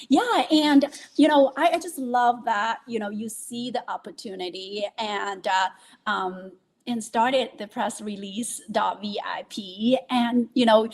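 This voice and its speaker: Slow-talking woman host, full of fillers. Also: fairly high pitch. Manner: hesitant, many fillers, affirming. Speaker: podcast host. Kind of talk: casual interview chat.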